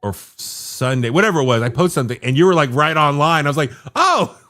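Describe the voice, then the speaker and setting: A man's voice: a little high, fast talker, fairly bright tone. A man co-hosting a radio show in casual chat, rambling with many fillers and false starts. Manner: rambling, hesitant, full of fillers.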